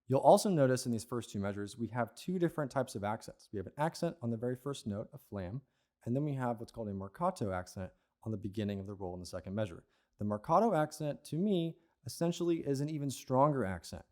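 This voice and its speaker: Mellow-voiced man teaching a snare lesson. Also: mid-range voice, lively intonation, quick pace. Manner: patient, explanatory, says "okay?" and "right?" to check in. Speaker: percussion teacher. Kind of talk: instructional lesson.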